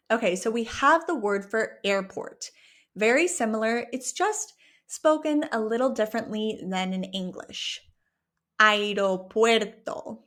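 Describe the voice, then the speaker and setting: A woman teaching a language lesson, encouraging her listeners and slowing down to pronounce each word clearly, checking in with "okay?" as she goes. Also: a little high, a bit bright. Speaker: Spanish teacher.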